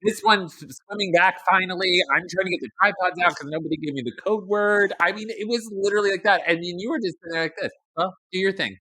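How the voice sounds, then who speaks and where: A man on a podcast chiming in with lively, teasing remarks. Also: sits high, fast, hardly any pauses, poor audio. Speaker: podcast guest. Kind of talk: casual chat.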